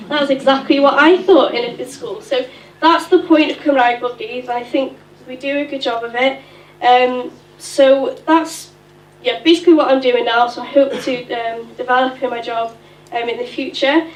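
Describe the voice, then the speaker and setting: A woman's voice: fairly high pitch, normal speed, far from the mic, a little hiss or hum. Young Welsh woman presenting in an echoey hall. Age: young adult. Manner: chatty, lively anecdote-telling. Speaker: conference speaker. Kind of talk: conference presentation. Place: conference hall.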